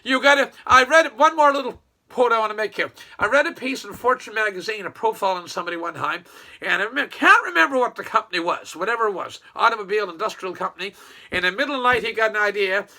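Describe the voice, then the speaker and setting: A man's voice: sits high, animated, quick pace, pushed and bright. An older man from Nova Scotia, a retired businessman, rambling in a folksy monologue full of restarts and quoted asides.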